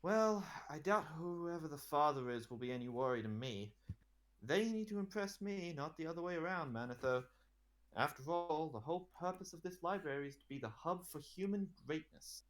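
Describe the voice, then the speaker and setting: A man's voice: fairly high pitch, expressive, moderate pace, a bit bright, voice pushed up. Man putting on a bored, haughty woman ruler. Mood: lofty.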